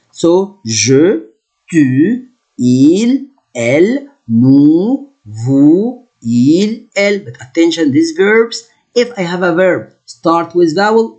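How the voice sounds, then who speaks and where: Husky teacher slowly spelling out French. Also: male voice, a little high. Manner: slow deliberate repetition of French words, halting English. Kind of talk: classroom lesson explanation.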